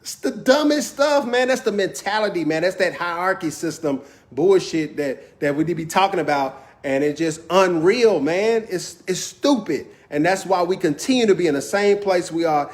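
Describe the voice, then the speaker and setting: A man's voice: high-pitched, lively intonation, moderate pace, few pauses. A man hosting a video, talking in an impassioned, preachy monologue with African American Vernacular English, repeating phrases for emphasis. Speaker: video host.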